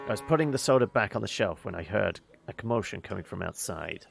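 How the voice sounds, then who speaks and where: A man reading a visual novel aloud, halting, with many fillers and self-corrections. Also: on the low side, expressive, gravelly, soft background music. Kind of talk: reading game text aloud with asides.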